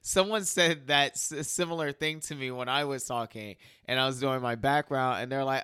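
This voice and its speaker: A man co-hosting a casual talk show, laughing often and getting animated when he tells a story. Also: medium pitch, normal speed, clean tone, no room sound, studio quality. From Caribbean. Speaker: podcast co-host. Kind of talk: casual chat.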